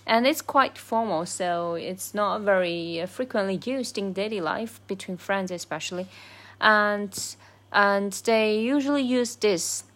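A woman whose first language is Chinese gives a casual spoken lesson on everyday phrases, pausing often with fillers and correcting herself. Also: medium pitch, a bit bright. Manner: thoughtful, many fillers and self-corrections. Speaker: language learner sharing lessons.

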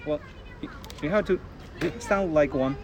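A man's voice: a little high, measured pace. A man, a father, chatting casually with his child in a patient, coaxing and reassuring way. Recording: loud background noise.

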